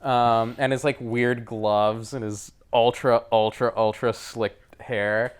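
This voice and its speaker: A man co-hosting a casual film-discussion podcast, animated and laughing often. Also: mid-range voice, slow pace, smooth. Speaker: podcast co-host.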